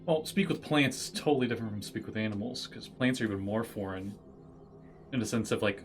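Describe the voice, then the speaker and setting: A man playing in a tabletop game, chatting in a playful, animated way. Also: lowish voice, a little fast, music in the background. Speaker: player. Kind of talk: casual tabletop game play.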